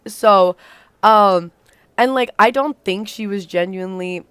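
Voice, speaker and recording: A woman's voice: medium pitch, slow, fairly bright tone, clear, resonant tone, no room sound. A young woman livestreaming a game, rambling through a storytime with lots of fillers and casual swearing. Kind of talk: rambling storytime while gaming.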